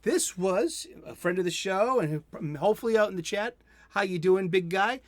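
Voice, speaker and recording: A man's voice: high-pitched, lively intonation, normal speed, no echo. A man, hosting a casual solo comics review stream and rambling enthusiastically with many self-interruptions. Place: home studio.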